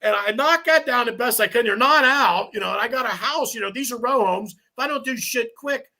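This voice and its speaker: Gravelly, bright-voiced firefighter telling war stories. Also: male voice, extremely high pitch, fairly quick. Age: 50s. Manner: animated, laughing, swearing storyteller. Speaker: podcast guest, firefighter lieutenant. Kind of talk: casual storytelling.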